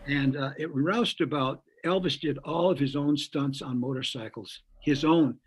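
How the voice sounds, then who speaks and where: A man's voice: medium pitch, moderate pace, husky, low-quality recording. An older man, a guest musician, telling a long story in a rambling way. He repeats words as he goes and acts out the voices of the people he quotes. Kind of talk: anecdotal storytelling.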